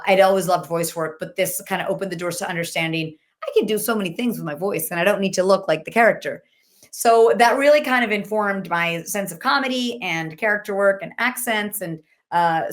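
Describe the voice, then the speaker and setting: A woman who works as a voice actor, telling stories in an animated, chatty way as a podcast guest. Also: medium pitch. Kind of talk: casual podcast interview. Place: podcast recording.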